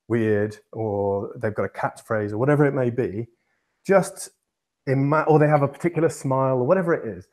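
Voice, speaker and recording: A man's voice: mid-range voice, darkish tone. A man from England co-hosting a podcast, explaining at length in a casual, rambling way with many restarts. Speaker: podcast co-host.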